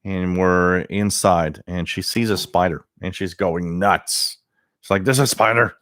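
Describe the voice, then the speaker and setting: A man hosts a live stream with casual, rambling chat and often restarts his sentences. His voice sits low, and the sound is close and dry. When he quotes other people, he pushes his voice up high. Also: level tone, slow pace, a bit bright, dry recording. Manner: rambling and chatty, with many restarts and laughs; mimics others with a raised voice. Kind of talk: casual chat reading viewer comments.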